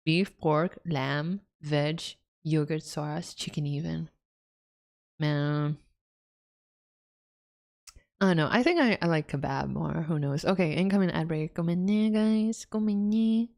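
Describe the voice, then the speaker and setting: A woman's voice: sits low, takes it slowly, creaky, long pauses, darkish tone. A woman streamer casually playing a story game, reading its text aloud, laughing often and exclaiming at the twists. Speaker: VTuber streamer.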